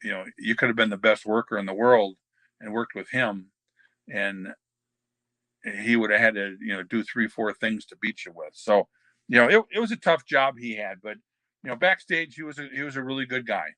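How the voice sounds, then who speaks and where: Bright-voiced older man telling stories. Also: on the low side, moderate pace, dry recording. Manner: rambling, many fillers and restarts. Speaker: podcast guest, former pro wrestler. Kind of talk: anecdotal storytelling.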